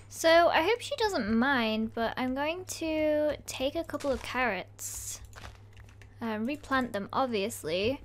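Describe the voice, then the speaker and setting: High-voiced, playful woman gamer. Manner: chatty and playful, with frequent excited gasps. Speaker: gaming channel host. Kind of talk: let's play commentary.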